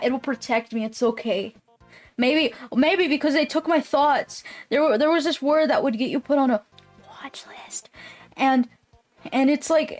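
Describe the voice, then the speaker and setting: A woman's voice: sits high, a little mellow. Rambling, giggly woman streamer. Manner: rambling, swears often, laughs easily. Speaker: live streamer. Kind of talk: casual live-stream chat.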